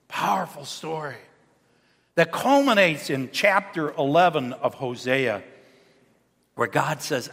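A man preaches a sermon to a congregation, his fairly high voice rising into loud emphasis and then dropping to a near hush. The sound carries the long reverb of a church sanctuary. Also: animated, a little slow. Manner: dynamic preaching, swinging from loud emphasis to soft, hushed lines. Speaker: pastor.

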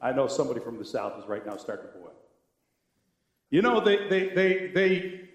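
An older man preaching a sermon as pastor, talking in a conversational, wry and sometimes sarcastic way. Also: moderate pace. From American South. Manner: conversational, wry and sarcastic, with animated swings of pitch. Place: church sanctuary. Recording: echoey church sanctuary.

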